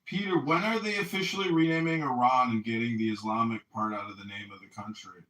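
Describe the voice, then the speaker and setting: A man's voice: medium pitch, fast, pushed and bright, reverberant, far from the mic, poor audio. A man hosting a casual chat, teasing a guest with mock-earnest questions. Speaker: host.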